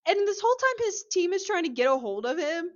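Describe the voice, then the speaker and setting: A woman co-hosting a podcast, chatting casually as she retells a TV episode with lively acted-out quotes. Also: extremely high pitch, fast talker, dull audio. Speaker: podcast co-host. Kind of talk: casual chat recapping a TV episode.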